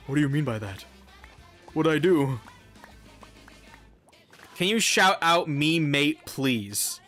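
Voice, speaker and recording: Young male streamer, lively and bright, swears a lot and rambles, rather high voice. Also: slow, pauses often, faint music behind. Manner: rambling, profane, laughs often. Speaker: live streamer. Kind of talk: casual gameplay chatter.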